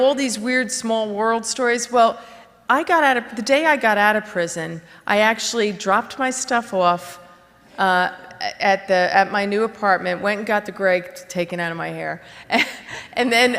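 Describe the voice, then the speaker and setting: A woman from Florida giving a candid personal testimony to a conference crowd, full of fillers, restarts and lively acted-out quotes. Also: medium pitch. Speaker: recovery speaker. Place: large conference hall. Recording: long hall reverb.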